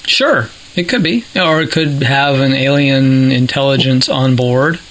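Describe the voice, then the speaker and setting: A man's voice: mid-range voice, a little slow, fairly bright tone, low-quality recording. A man co-hosting a podcast in casual chat, chatty and laughing at his own stories. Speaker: podcast co-host.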